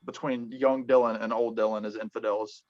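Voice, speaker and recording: A man hosting a casual music chat, talking in halting bursts full of ums and restarts. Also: on the low side, level tone. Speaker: podcast host. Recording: dull lo-fi sound.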